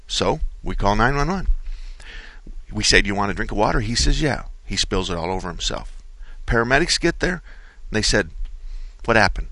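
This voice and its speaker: Middle-aged guy hosting talk radio, bright voice, jumps all over in pitch doing everyone's lines, dry close mic. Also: fairly quick, dry recording, low-quality recording. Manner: animated storyteller, acts out quotes with big pitch jumps. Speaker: radio car-repair talk show host.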